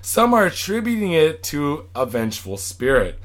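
High, lively-voiced man reading news, riffing. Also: normal speed. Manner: reads news items then riffs crudely, swears often. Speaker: podcast co-host reading news. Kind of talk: casual profane podcast banter.

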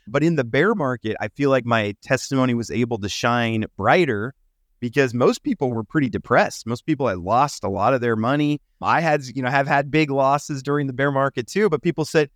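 A man's voice: medium pitch, fairly quick, no room sound, clean studio sound. A man, an entrepreneur guest on a podcast, talking earnestly and telling personal stories in a casual conversation, sometimes acting out the voices of people he quotes.

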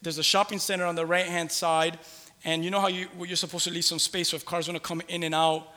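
A male pastor preaching a sermon and telling a personal story in an animated way that builds to loud exclamations. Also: fairly high pitch, fast, long reverb tail.

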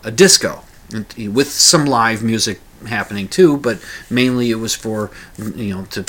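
A man's voice: lowish voice, a bit bright. A man hosting a radio show, talking casually in a rambling way with many fillers and restarts.

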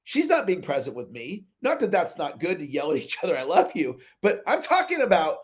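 High-voiced man telling animated coaching stories. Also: a little fast. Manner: animated storytelling, acts out both sides of dialogues. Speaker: sales coach, call host. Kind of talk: motivational talk on a live call. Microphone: video call.

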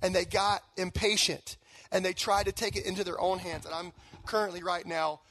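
High-voiced man preaching conversationally. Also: moderate pace, slight background noise. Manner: conversational, animated storytelling with fillers. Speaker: guest pastor. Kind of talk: sermon with personal stories.

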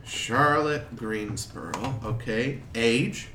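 A man's voice: mid-range voice, takes it slowly, bright, forceful tone. Man voicing a fussy guild clerk. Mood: officious. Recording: roomy, distant mic with faint noise.

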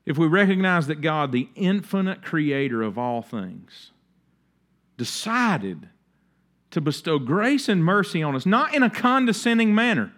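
A man's voice: fairly high pitch, big pitch swings, measured pace, fairly bright tone. A middle-aged man preaching a sermon in a conversational way, acting out the voices of the people he quotes. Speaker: pastor.

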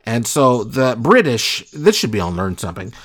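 A man's voice: medium pitch, big pitch swings, normal speed, fairly bright tone. A man hosting a casual comedic chat, joking in a mock-serious way and quizzing his co-host.

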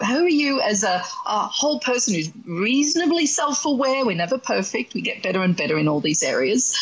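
A woman's voice: mid-range voice, husky, poor audio. A woman with an Australian accent, a guest coach explaining ideas in an interview with enthusiastic, affirming energy. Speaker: guest, sex and relationship coach. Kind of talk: conversational interview.

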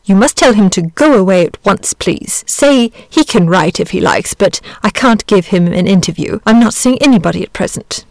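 A woman voicing a lazy, gentle male dragon who speaks slowly and solemnly. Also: medium pitch, animated, no room sound, lightly acted. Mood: moaning. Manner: slow, languid and solemn.

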